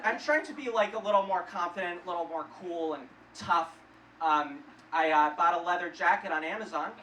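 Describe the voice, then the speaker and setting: A man's voice: sits high, fairly quick. A young man performing a stand-up comedy set on a club stage, telling awkward, self-deprecating stories. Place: comedy club stage before a live audience. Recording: roomy, distant live club recording with heavy crowd noise.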